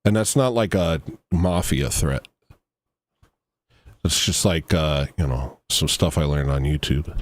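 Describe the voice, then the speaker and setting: A man's voice: a bass voice, a little slow, long pauses, no echo. A man hosting a livestream, reacting to a video with rambling, mock-serious satirical commentary that trails off into asides.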